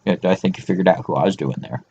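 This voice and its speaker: A man's voice: deep voice, racing, gravelly, mellow, breathy edge. A man co-hosting a podcast, ranting profanely in casual chat. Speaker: podcast co-host. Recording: dull lo-fi sound.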